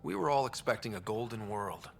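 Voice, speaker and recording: An actor playing a resolute male starship leader, steady and gravelly, in game audio. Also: fairly low pitch, brisk. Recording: game audio with faint noise.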